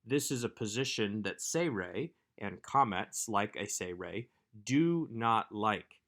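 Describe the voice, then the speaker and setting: A man giving a recorded workbook lesson as a Hebrew instructor, explaining grammar in a measured way. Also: on the low side, expressive, a bit bright.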